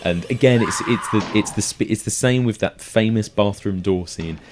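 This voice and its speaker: A man's voice: on the low side, normal speed, very noisy. A man hosting a podcast, chatting casually and enthusiastically about a horror film, with plenty of fillers. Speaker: podcast host.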